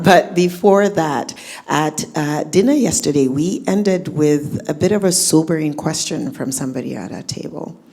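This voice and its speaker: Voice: medium pitch, darkish tone. A moderator guiding a panel discussion in an upbeat way.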